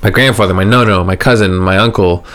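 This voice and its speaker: A man's voice: sits low, fast talker, a bit bright. A man telling a long story in casual podcast chat, rambling and full of fillers, swearing casually.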